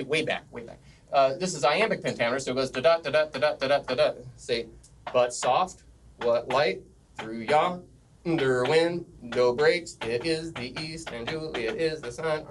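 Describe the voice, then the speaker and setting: A middle-aged man teaching a conference session on Latin poetry, joking with the room and chanting the beats of the meter aloud. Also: medium pitch. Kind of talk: lively classroom lecture. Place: conference classroom.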